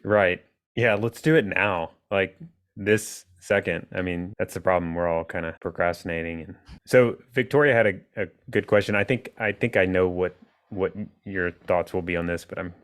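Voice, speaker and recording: Male podcast host, relaxed and affirming, very low smooth voice. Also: normal speed. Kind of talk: conversational interview.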